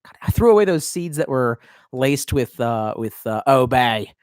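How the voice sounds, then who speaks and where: A man in his twenties chatting casually on a live stream and reading out chat comments. He swears constantly and rambles, jumping between loud outbursts and quiet mutters, and he sounds drunk. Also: mid-range voice, expressive, normal speed, clean tone, dry recording, studio quality. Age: 20s.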